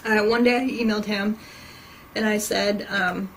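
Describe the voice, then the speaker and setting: A woman's voice: mid-range voice, steady tone, normal speed, slight background noise, rough recording. A woman hosting a casual podcast, chatting enthusiastically and acting out conversations, her allergies bothering her. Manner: chatty, enthusiastic, acts out quoted exchanges. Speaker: podcast host. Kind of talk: casual chat about books and TV.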